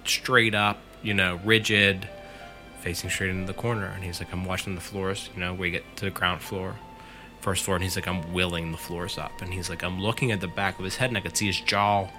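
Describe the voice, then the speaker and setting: A man casually retelling a friend's scary story in the first person, swearing freely as he goes. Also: sits low.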